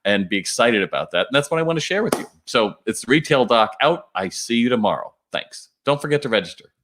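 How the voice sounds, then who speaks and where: A man's voice: mid-range voice, very animated, brisk, a bit bright. A man working as a retail consultant, speaking in a casual promotional video and telling stories with fillers and restarts. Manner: chatty storytelling with fillers and restarts.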